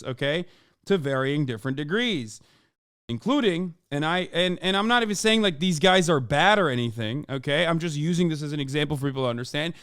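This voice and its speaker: A man's voice: on the high side, fairly bright tone, clear, resonant tone, dry recording. A man streaming, reacting to a video with profane, sarcastic, heated commentary from home on a close desk mic.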